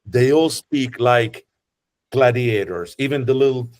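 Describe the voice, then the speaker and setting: A man's voice: medium pitch, a little slow, darkish tone. A man with an Italian accent, a tour guide who explains in a chatty, joking way with frequent restarts. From Italy. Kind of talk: casual explanatory talk.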